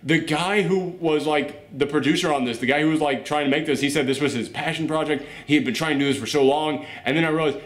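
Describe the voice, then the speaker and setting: A man's voice: on the high side, fast talker, few pauses, roomy sound. A man hosting a casual review chat, ranting in an exasperated way. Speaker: host.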